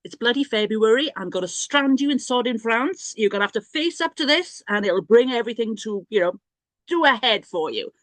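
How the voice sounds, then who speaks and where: Bossy female goddess mentor, blunt and quick-tongued, put on by a woman. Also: fairly high pitch, expressive, fairly bright tone, no room sound, voice pushed up. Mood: scolding. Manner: brisk, no-nonsense scolding.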